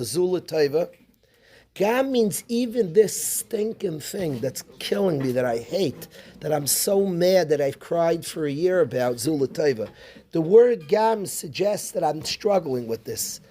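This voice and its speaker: A man teaching an informal Torah class as a rabbi, animated, firing rhetorical questions and mixing Hebrew terms into his English. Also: high voice, unhurried.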